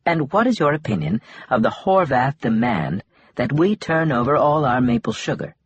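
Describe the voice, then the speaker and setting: A polite, formal female broadcaster from Quebec, as a man puts her on, reading her report in measured news tones. The voice is husky and breathy, recorded close and dry. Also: medium pitch, very animated, no echo, muffled recording.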